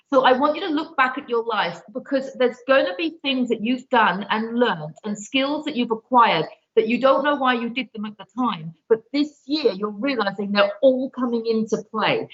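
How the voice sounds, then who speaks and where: A card reader and author gives a live reading in a fairly high, expressive voice that's a bit bright, moving at a moderate pace. Earnest and pleading, she grows emotional as she urges the viewer to trust herself, all through a dull lo-fi recording.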